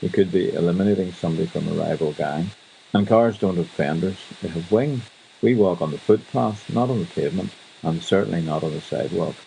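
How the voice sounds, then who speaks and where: A Northern Irish man rambles through a casual radio chat with dry humour. His voice sits very low with a gravelly fry and a dark, mellow colour. Faint hiss runs under the recording. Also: brisk, low-quality recording. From Northern Ireland. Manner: chatty, wry storytelling. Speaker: radio host. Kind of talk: casual monologue.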